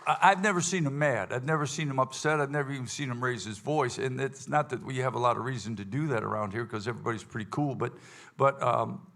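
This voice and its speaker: Gravelly folksy bandleader man. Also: mid-range voice, fast talker, fairly bright tone. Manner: rambling, folksy, many fillers and restarts. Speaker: bandleader hosting a audience Q&A. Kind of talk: casual chat with a live audience. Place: event hall with live audience.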